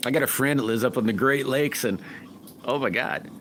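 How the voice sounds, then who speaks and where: A man's voice: medium pitch, fairly quick, fairly bright tone, slight background noise. A man hosting a livestream, rambling through folksy stories and chatting casually with viewers. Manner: rambling folksy storytelling, laughs often. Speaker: livestream host.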